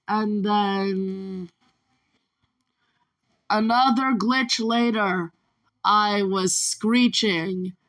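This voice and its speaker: A vlogger recounts a wandering personal tale, chaining one event after another with "and then." Her voice is mid-range. The recording is low quality.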